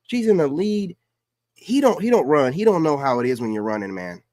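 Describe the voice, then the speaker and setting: A man's voice: a little high, very animated, a little fast, a little mellow, no room sound, studio quality. A man hosting a casual livestream, reacting to clips in slangy, hyped streamer talk. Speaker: livestream host.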